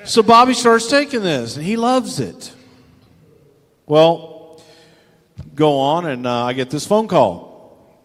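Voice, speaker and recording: Older male storyteller, salty and animated, slightly high voice, long room reverb. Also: takes it slowly, pauses often. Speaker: storyteller guest. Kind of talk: casual anecdote telling.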